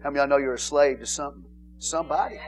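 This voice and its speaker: A male pastor preaching an informal sermon in a church, bantering and laughing with the congregation and rising to shouted emphasis. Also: on the high side, fairly even intonation, rapid-fire. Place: church sanctuary.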